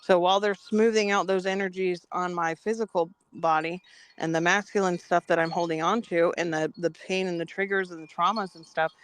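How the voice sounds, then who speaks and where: A woman's voice: fairly low pitch, fairly quick, clear, resonant tone. A woman, co-hosting a podcast in casual spiritual chat, telling stories with lots of acted-out quotes. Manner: animated storytelling, acting out quoted voices. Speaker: podcast co-host.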